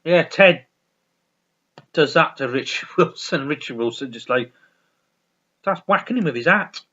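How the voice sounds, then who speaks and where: A man's voice: a little high, lively intonation, normal speed, sharp tone, dull audio. A man hosting his own video, chatting casually and enthusiastically about a favourite comedy, repeating himself and swearing freely. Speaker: video host.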